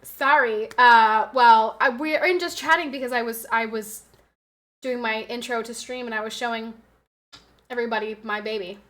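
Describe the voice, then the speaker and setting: A young pregnant woman streaming, chatting with her viewers in a loud, excitable, fast-talking way. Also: fairly high pitch. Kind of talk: casual chat with live viewers.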